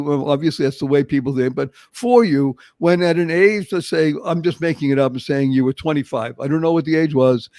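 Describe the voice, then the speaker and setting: An older man from Boston with a Boston accent, hosting a motivational interview show with animated, emphatic storytelling. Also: fairly high pitch, dry recording. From Boston, Massachusetts. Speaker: show host.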